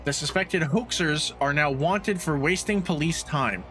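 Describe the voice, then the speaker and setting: A man's voice: a little high, measured pace, bright, forceful tone, soft background music. A man co-hosting a podcast, recapping a bad movie's plot with sarcastic, blunt, swearing commentary. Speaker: podcast co-host. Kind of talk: casual movie recap chat.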